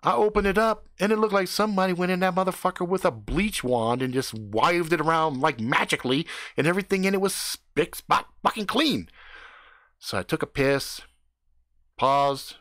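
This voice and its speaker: A man improvising a profane comic horror story, swinging between loud outbursts and hushed suspense. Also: a little high, normal speed, no echo, studio quality. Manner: profane, animated, drops to hushed tones for suspense.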